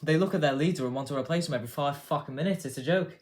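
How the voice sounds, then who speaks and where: A man's voice: fairly high pitch, rapid-fire, darkish tone. A man hosting a casual news commentary show, rambling and swearing with a sarcastic edge. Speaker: host.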